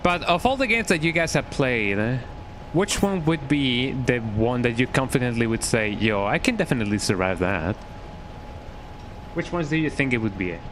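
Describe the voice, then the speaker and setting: A man's voice: medium pitch, lively intonation, moderate pace, fairly bright tone. Male game streamer, casual and jokey, rambling chatter, mid-range voice, faint background noise. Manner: rambling, jokey, tags lines with "eh". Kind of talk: casual gameplay chat.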